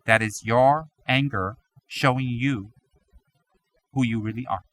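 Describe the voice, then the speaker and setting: A man giving a Buddhist teaching, animated and full of rhetorical questions, now and then mimicking other people's voices. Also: mid-range voice, unhurried, a little hiss or hum. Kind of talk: dharma talk.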